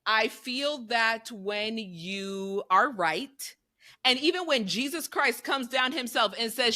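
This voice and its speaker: A woman in her forties co-hosts a casual talk show. Her voice is bright and fairly high, with a lively pitch that swoops as she tells stories. She acts out the quotes and laughs often. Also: slow pace. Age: 40s. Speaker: co-host. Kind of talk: casual chat.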